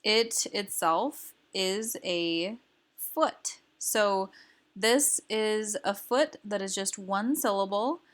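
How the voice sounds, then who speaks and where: A woman gives a recorded lesson at an unhurried pace. She explains carefully and stops for small fillers as she goes. Her pitch sits in an ordinary middle range. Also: fairly bright tone. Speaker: language teacher.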